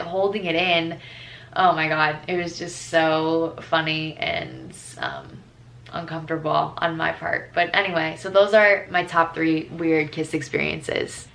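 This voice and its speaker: A teenage girl vlogging, telling stories casually with lots of fillers and lively retellings. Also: fairly low pitch. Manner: chatty, filler-heavy, animated retellings. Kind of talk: casual storytelling.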